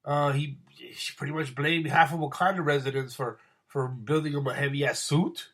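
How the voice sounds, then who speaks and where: A man's voice: on the high side, fairly even intonation, moderate pace, fairly bright tone. A man hosting a boxing podcast, talking in a rambling, profane, casual monologue with many restarts. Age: adult with wife.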